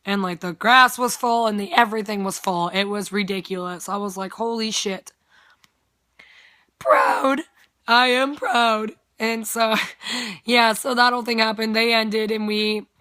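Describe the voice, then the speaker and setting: A woman's voice: a little high, fairly even intonation, a little slow, sharp tone, dry recording, clean studio sound. A young woman telling a story in a casual vlog, chatty, with plenty of "like" and free swearing. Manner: chatty, swears freely, lots of "like". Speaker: vlogger.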